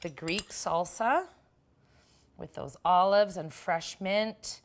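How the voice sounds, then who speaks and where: A woman's voice: lowish voice, slow. A woman hosting a cooking show, chatting in an upbeat way as she works through a recipe. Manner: chatty, upbeat, talks while working. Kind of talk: casual cooking demonstration.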